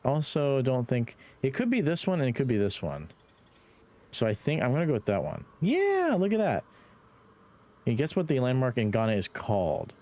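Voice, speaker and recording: Lively Irish man streaming a game. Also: mid-range voice, moderate pace. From Ireland. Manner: playful, swears, laughs, talks to chat. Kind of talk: live gaming stream chat.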